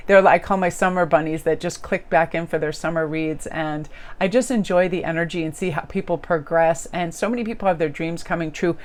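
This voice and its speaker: A woman with a lowish voice reads tarot cards for her audience in a loose, casual way. Her talk is upbeat and chatty, full of fillers, and it jumps high in pitch whenever she stresses a point. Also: brisk. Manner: animated, with big jumps up in pitch for emphasis. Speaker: tarot reader. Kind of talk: casual tarot reading video. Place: indoors near a window.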